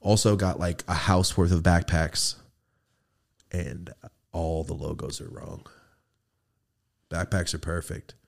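A young man co-hosting a casual podcast, ranting in an animated way and swearing freely. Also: sits low, slow, vocal fry, long pauses. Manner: animated ranting, swearing, jumps into shouted impressions. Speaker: podcast co-host.

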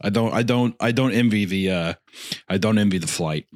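A man's voice: fairly low pitch, fairly quick, no echo, studio quality. An American man co-hosting a podcast, teasing and bantering in casual chat. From United States. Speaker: podcast co-host.

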